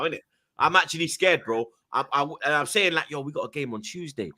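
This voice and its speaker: Animated man telling a story. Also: fairly high pitch, brisk. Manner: London slang, acts out quoted lines, excitable. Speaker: podcast guest.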